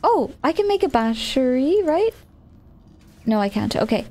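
A woman's voice: sits high, very animated, measured pace, a little mellow. A woman streamer chatting casually as she plays, thinking aloud, easily startled and often giggling.

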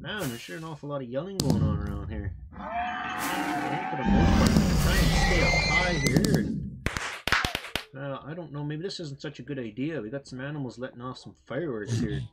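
A man's voice: medium pitch, moderate pace, loud music behind the voice. A man hosting a gaming channel, chatting goofily as he commentates his own gameplay. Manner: chatty, goofy, self-amused. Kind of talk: casual game commentary. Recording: noisy game capture.

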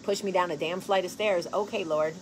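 A woman in her forties hosting a casual chat to camera. She is blunt, profane and joking, laughs often, and swings from hushed earnest talk to loud animated bursts. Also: lowish voice, moderate pace, slight background noise, low-quality recording. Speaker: show host.

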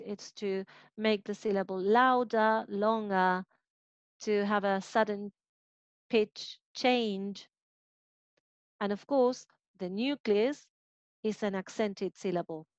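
Teacher explaining over a muffled video call. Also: female voice, mid-range voice, slow, no echo. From Argentina. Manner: explanatory, repeats and rephrases points. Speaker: university phonetics teacher. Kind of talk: online lecture explaining intonation.

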